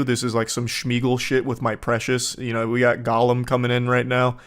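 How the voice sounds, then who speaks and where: Sarcastic, deadpan male commentator. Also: mid-range voice, brisk, hardly any pauses, clear, resonant tone. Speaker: online commentator reacting to texts. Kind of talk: casual reaction commentary.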